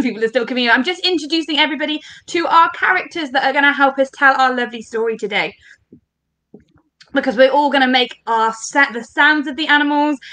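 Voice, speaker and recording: A woman with a high, bright voice leads children through an interactive online storytelling session. She is upbeat and encouraging and keeps speaking directly to the young viewers at home. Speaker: children's workshop leader. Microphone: online livestream.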